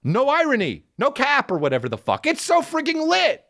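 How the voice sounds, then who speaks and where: A man in his thirties hosting a casual comedy podcast, telling a story with lots of profanity, restarts and quick asides. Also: very high-pitched, wildly swooping pitch, a bit bright, no room sound, studio quality. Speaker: podcast host.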